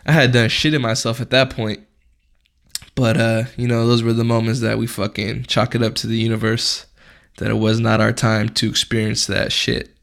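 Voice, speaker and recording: A man's voice: medium pitch, level tone, moderate pace, gravelly, fairly bright tone. A young man hosting a podcast, telling a story in a casual, laid-back way, full of slang and swearing. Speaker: podcast host.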